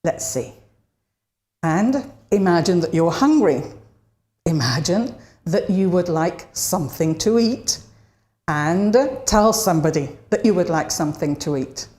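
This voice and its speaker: A woman teaching an online language lesson, modeling short phrases slowly and clearly for learners to repeat. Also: on the low side, expressive, a little mellow, reverberant.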